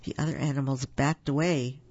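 A reader reading picture books aloud to children, gentle with explaining asides. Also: mid-range voice, steady tone, fairly quick, slightly rough, no room sound. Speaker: storybook reader. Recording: dull lo-fi recording.

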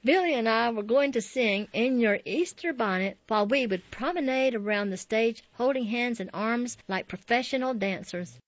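A woman reading a memoir as an audiobook in a soft, reflective way. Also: a little high, expressive, normal speed, few pauses, no room sound. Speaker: narrator. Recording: dull, dry lo-fi audio.

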